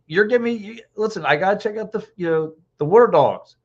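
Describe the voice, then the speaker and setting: A man in his fifties hosting a podcast, talking sports alone and reading out live comments, blunt and excitable, repeating himself, a little hoarse with a dry throat. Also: high-pitched, a little fast. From Philadelphia. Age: 50s. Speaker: podcast host. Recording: dull lo-fi stream audio.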